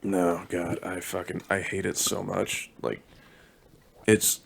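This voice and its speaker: A man's voice: deep voice, level tone, slow pace, gravelly, slight background noise. A young man co-hosting a podcast, talking bluntly and crudely in a wry, casual chat. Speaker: podcast co-host.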